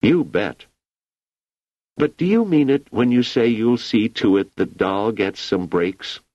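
A man's voice: medium pitch, animated, slow pace, a little mellow, no echo, voice pushed up. A man reading an audiobook, voicing an eager, fervent young man. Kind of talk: audiobook character voice. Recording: slightly muffled lo-fi recording.

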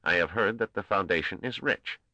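Narrator doing a squeaky, scornful old ruler, clipped and cold, dull cassette sound. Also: male voice, brisk, sharp tone, no echo, heavily acted. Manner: snapping, intoning, coldly formal. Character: small old balding male ruler, scornful and curt. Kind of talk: audiobook character voice.

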